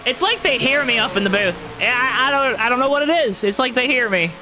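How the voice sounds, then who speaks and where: A man's voice: very high-pitched, expressive, a little fast, low-quality recording. A man calling an online sim race play-by-play in a put-on announcer voice, talking straight to the folks watching. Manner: exaggerated announcer voice, talks straight to the audience. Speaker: race commentator. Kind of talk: play-by-play sim racing commentary.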